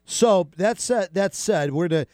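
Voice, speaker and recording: A man hosting a casual radio talk show, chatty and animated, with many fillers and restarts. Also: high voice, unhurried, no room sound, studio quality.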